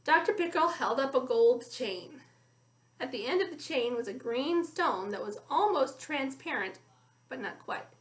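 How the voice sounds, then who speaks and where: A woman reading a children's chapter book aloud in a friendly, expressive storytelling way. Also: high-pitched, unhurried, reverberant. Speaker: story reader.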